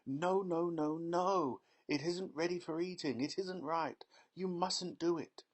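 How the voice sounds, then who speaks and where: A man's voice: a little high, a little slow, voice pushed up. A man voicing an eccentric, fussy chocolatier who frets and sighs apologetically. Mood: fretful. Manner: fretful, sighing, apologetic.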